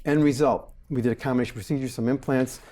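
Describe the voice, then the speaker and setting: A man in his forties, a dentist being interviewed, explaining procedures and telling patient stories in a lively way, acting out what people said. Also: medium pitch, fast. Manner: animated storyteller, acts out quotes. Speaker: dentist guest. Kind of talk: casual interview talk.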